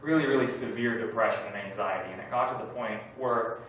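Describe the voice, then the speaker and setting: A man preaching a sermon as pastor, candid and self-deprecating with jokes, swinging between loud emphasis and quiet asides. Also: lowish voice, fast talker, a little hiss or hum. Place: large church sanctuary. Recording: echoey church hall from far off.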